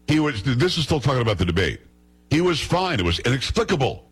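A male host delivers indignant commentary, firing off sarcastic rhetorical questions. His voice is husky at a middle pitch, with a rough edge throughout. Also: sing-song, fast talker. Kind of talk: political commentary.

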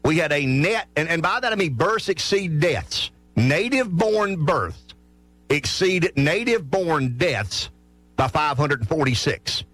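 A man, hosting a talk radio show and making his point with animated restarts and repeated words. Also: on the high side, unhurried, no room sound. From South Carolina. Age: 60s.

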